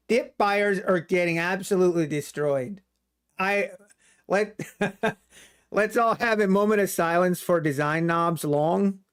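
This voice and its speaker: Casting: male trading streamer, unhurried delivery, laughs often, jokes in mock alarm. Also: high voice, clear, resonant tone. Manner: laughing, mock-panicked joking about the market. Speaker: day trading livestream host. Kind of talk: live trading stream commentary.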